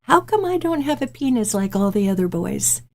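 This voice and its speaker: A woman voicing a puzzled little girl in a back seat, asking innocently in a high voice. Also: very animated, normal speed. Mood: curious.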